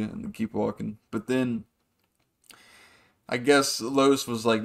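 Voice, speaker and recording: A podcast host tells a long, rambling, profane story as a casual monologue, acting out other people's lines with shifting voices. His voice is medium-pitched, gravelly and level in tone. He talks a little slowly and pauses often.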